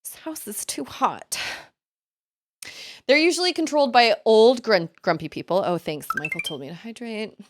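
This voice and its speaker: A woman's voice: fairly high pitch, animated, moderate pace, soft background music. A young adult woman streaming at home, chatting and rambling while reacting aloud to a game and her chat. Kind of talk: live-streamed gameplay chat.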